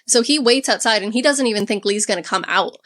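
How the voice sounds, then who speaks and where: A woman chatting at a book club, recapping the plot quickly and adding wry comments. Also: fairly high pitch, fairly bright tone. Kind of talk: casual book club chat.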